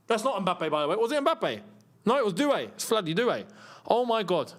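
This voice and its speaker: A young man hosting a live football watchalong, calling out player names in quick bursts and reacting loudly to the action. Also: sits high. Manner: excitable, rapid-fire name calling, bursts of laughter. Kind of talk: live match commentary and chat.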